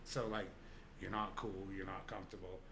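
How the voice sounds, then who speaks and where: This podcast guest is a young man with a low, pushed, bright voice full of vocal fry, delivered flatly at normal speed. His casual chat rambles loosely, heavy with "like" and "you know," and the recording has slight hiss or hum.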